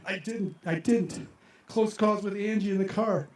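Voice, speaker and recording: A man in his sixties telling a personal story live to an audience at an outdoor amphitheater, animated and emotional as he acts out his own reactions. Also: high voice, measured pace, reverberant.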